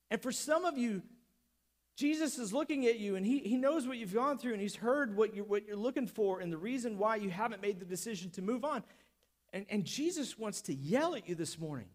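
A man delivers a sermon from the pulpit with a high-pitched voice. He speaks with passion, pressing his point and rising at times to near shouts. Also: lively intonation, fairly quick. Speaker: pastor.

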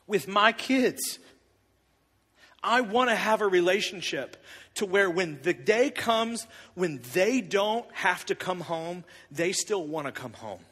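A man in his thirties telling a personal story in a sermon, animated and confessional, with big swings in volume. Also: high-pitched, slow pace, slightly rough, big-room sound.

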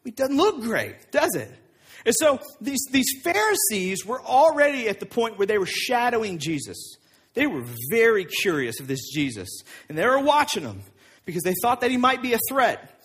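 A man preaching a sermon as pastor, telling the story with lively acted-out voices. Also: very high-pitched, normal speed, husky. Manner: animated storytelling, acting out voices of people in the story.

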